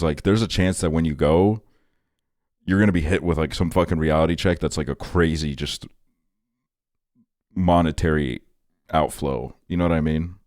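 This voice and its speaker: A young man with a very low voice talks casually to his stream chat, rambling through stories with plenty of swearing and "like" fillers. He answers viewer messages as he goes. The sound is dry and close, with no room echo. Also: a little mellow. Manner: rambling, profane, heavy on "like" fillers.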